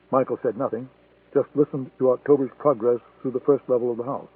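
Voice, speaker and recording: Man, steady thriller narration, dry, phone-like thin audio. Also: medium pitch, fast talker, breathy edge, dry recording. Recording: tinny phone-like sound, dry.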